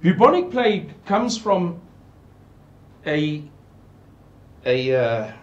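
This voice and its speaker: A man's voice: fairly high pitch, sing-song, extremely slow, muffled recording. A man giving an earnest, pleading, rambling monologue to his viewers. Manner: pleading, repetitive, digressive. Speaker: channel presenter.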